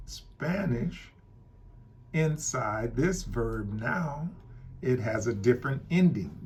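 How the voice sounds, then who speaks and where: A man teaching a Spanish grammar lesson, explaining slowly and repeating key points. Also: medium pitch, slightly rough. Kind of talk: classroom-style grammar lesson.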